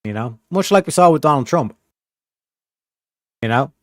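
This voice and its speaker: He's a Californian streamer with a rural Southern flavor to his speech, cussing and rambling as he addresses his viewers in casual commentary. His medium-pitched delivery is expressive and moderately paced, captured in studio quality without echo.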